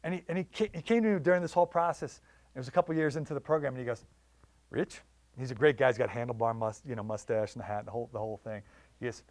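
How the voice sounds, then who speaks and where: A man giving a public lecture on wildlife conservation in a library, telling stories with lively voiced quotes. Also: mid-range voice, fast talker, dry recording. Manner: animated storytelling with voiced quotes.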